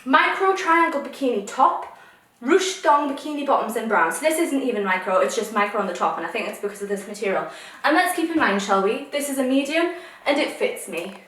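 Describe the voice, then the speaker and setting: A woman's voice: sits high, expressive, brisk, fairly bright tone, recorded from a distance. Ranting young woman in echoey room. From United Kingdom. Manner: ranting, exasperated. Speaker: vlogger. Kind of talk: try-on haul vlog. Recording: echoey room, voice a little off mic.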